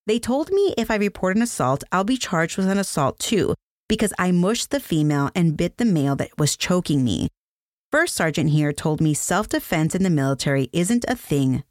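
Lively, dry-voiced woman narrating. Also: sits low, normal speed, dry recording. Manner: earnest, descriptive storytelling. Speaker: podcast host. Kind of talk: scripted narration.

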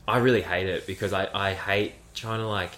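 Fairly low and fairly even in intonation, this man's voice is fairly quick and fairly bright, heard in a reverberant room. He's a podcast host in casual conversation, rambling, saying "like" constantly, and laughing a lot.

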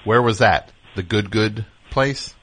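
Relaxed radio host man, dry studio sound. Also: lowish voice, takes it slowly, slightly rough, no echo. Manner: relaxed, rambling, many fillers. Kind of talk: casual call-in chat.

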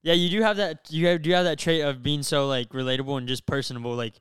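A man hosting a podcast in casual chat, playful and teasing and quick to egg on his guest. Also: fairly high pitch, steady tone, a bit bright, clean tone, no echo, clean studio sound. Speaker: podcast host.

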